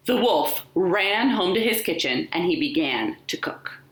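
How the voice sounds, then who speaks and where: A children's librarian reads a picture book aloud to young children, taking her time and staying gentle. Her pitch rises and falls freely, and the room around her voice is echoey. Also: slight background noise. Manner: slow, gentle and expressive. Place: home living room.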